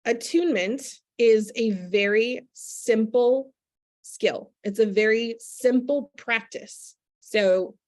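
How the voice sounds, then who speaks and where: A woman's voice: on the high side, takes it slowly, a little mellow. A woman speaking as a guest in a candid conversation, earnestly and reflectively explaining parenting step by step.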